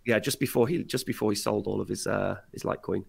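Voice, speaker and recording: A man in a casual chat, speaking haltingly and restarting often as he recalls details. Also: on the low side, gravelly, slightly rough. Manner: halting, full of fillers and restarts while recalling.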